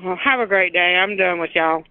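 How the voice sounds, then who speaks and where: A woman's voice: on the low side, dry recording. A woman answering the phone at a truck stop, curt and firm with a rude caller. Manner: curt, firm, fast-talking. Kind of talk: phone customer service. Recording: tinny phone line.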